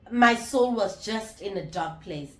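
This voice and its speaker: A woman in her thirties talking candidly to camera in a casual vlog, reflective and halting, often restarting her sentences. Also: medium pitch, lively intonation, fairly bright tone. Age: 30s. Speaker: vlogger. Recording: roomy echo.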